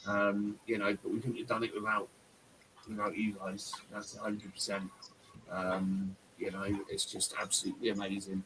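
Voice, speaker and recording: A man's voice: on the low side, little pitch movement, normal speed, background noise. A man hosting a casual live-stream chat, rambling and effusive, with lots of fillers and restarts. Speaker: host.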